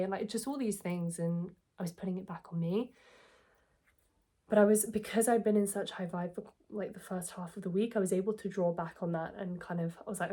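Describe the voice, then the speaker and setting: Mellow-voiced woman vlogger. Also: medium pitch, steady tone, fairly quick. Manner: candid, reflective, earnest. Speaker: self-help vlogger. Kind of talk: personal story and advice to camera.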